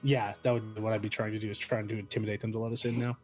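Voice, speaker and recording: Dude playing a tabletop game, mid voice, talks fast and keen, faint music under. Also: male voice, fairly low pitch, little pitch movement. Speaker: player. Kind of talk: tabletop game play over a call.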